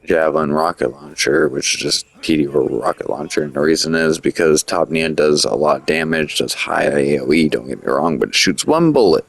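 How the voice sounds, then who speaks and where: A man's voice: rumbling low, fairly even intonation, normal speed, vocal fry, hardly any pauses. A man giving casual, rambling gameplay commentary, full of fillers and restarts, with the hiccups. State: has the hiccups. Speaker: gaming commentator.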